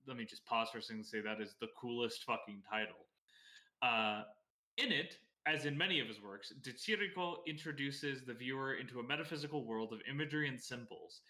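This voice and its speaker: A man's voice: medium pitch, roomy sound. A man co-hosting a casual art history chat, reading passages aloud and stumbling over words. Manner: relaxed, laughs easily, stumbles on words.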